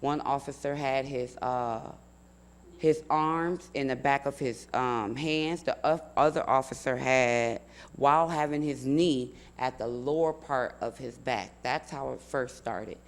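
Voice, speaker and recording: A young man, son of the man he speaks about, recounting events step by step in an interview, earnest and measured, often repeating himself for emphasis. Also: mid-range voice. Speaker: family member telling his account.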